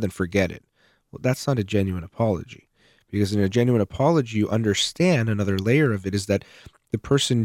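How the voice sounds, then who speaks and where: A man's voice: on the low side, darkish tone, dry recording, clean studio sound. A man giving unscripted advice on relationships in an earnest, explanatory way, leaning on key words.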